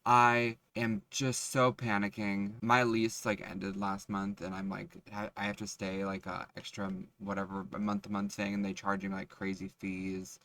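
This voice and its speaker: A man's voice: lowish voice, completely flat delivery, normal speed, few pauses. A depressed young man rambling in a self-deprecating, foul-mouthed confessional vlog from city streets. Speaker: vlogger. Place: city streets and bus stop outdoors. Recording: loud street traffic noise. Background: cars and city traffic.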